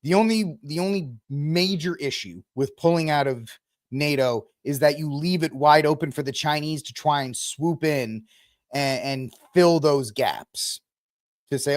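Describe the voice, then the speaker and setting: A man's voice: on the high side, measured pace, no room sound, studio quality. A man hosting a news commentary livestream, rambling with many fillers and self-corrections. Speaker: podcast host.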